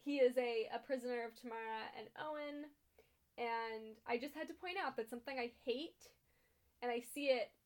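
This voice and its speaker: A young woman with a fairly high voice, co-hosting a casual podcast. She recaps a TV episode in loose, chatty talk, full of ums and the odd bit of swearing. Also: normal speed. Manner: chatty, frequent ums and laughs, blunt swearing. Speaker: podcast co-host.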